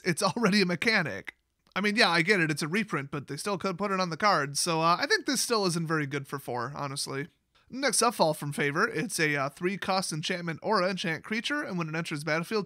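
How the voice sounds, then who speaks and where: Bright, sarcastic man reviewing cards. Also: high-pitched, dry recording, studio quality. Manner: sarcastic, joking asides. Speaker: card game spoiler reviewer. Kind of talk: casual commentary.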